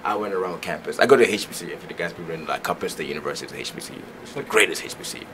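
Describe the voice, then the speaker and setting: A young man from Nigeria chatting loosely as a guest on a radio show, rambling and breaking into loud laughs. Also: low-pitched, rapid-fire, background noise. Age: young adult. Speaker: guest performer. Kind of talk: casual radio chat.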